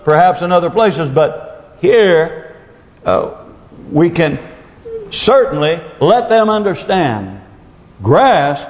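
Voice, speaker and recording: A man preaching a sermon as pastor, his voice swooping up on emphasis and dropping low when he reads scripture. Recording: echoey hall, dull lo-fi sound.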